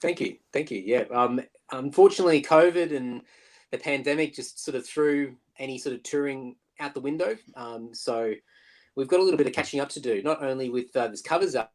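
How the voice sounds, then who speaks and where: A man's voice: mid-range voice, a little fast, poor audio. Chatty man with many restarts. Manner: chatty, lots of fillers and restarts, mimics bandmate. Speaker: musician guest. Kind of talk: casual interview chat. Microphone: video call.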